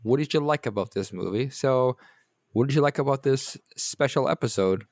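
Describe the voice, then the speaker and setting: A man's voice: mid-range voice, moderate pace, darkish tone, no room sound, clean studio sound. A man hosting a podcast, leading casual chat with jokey, self-deprecating banter. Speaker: podcast host.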